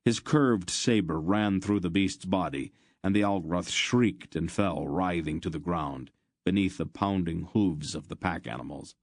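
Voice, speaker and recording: A man narrating an audiobook in a steady, measured way. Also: low-pitched, no echo, clean studio sound.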